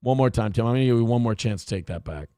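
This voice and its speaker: A man's voice: mid-range voice, animated, racing, warm tone, no room sound, clean studio sound. A man hosting a show, mocking a clip he reacts to in casual, profane commentary.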